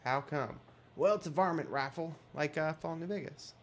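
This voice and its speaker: A man's voice: fairly high pitch, moderate pace, slight background noise, natural voice. A man putting on a drawling country homesteader. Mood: folksy. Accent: put-on rural country drawl. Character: drawling rural man, gruff but hospitable.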